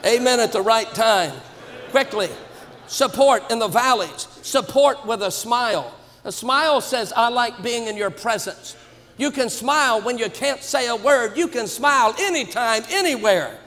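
Shouting high-voiced preacher in a reverberant church. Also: male voice, animated, measured pace. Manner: emphatic, swings to shouts. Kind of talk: sermon. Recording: long reverb of a church hall.

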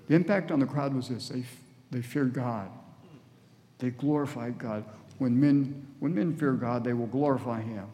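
A man's voice: medium pitch, normal speed, dark tone. A man preaching a sermon in church, earnest, sometimes acting out the people in the story. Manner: earnest, acts out voices in the story. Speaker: guest preacher. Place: church hall. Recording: long church hall reverb.

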